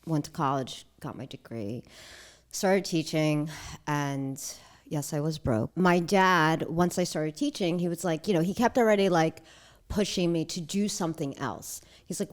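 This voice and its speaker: A woman in her thirties with a slightly low voice tells her own story on a casual podcast. She is animated and chatty, with a steady stream of "like" and "right?". She slips into the voices of others as she retells conversations. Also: normal speed. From New Jersey. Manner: animated, acts out quoted dialogue with lots of "like" and "right?". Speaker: guest, real estate agent.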